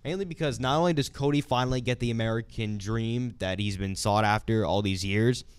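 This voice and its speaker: Speaking a little fast in a lowish, clean-toned voice, this young man co-hosts a wrestling talk show. The conversation is casual, and he tells animated stories full of enthusiasm and strong opinions.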